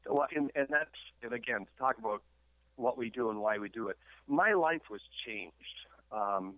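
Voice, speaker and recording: A man's voice: mid-range voice, moderate pace, dry recording. A Canadian man speaking over a tinny, phone-like line with a dry, close sound. He talks like a preacher, leaning on his key lines and often stammering over repeated words. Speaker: guest pastor and historian. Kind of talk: radio interview, sermon-like storytelling.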